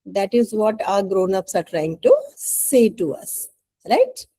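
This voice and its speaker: Slow, mellow Indian-accented woman teacher. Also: medium pitch, lively intonation, poor audio. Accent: Indian English. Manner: patient, coaxing, often checks with "right?". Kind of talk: online English lesson.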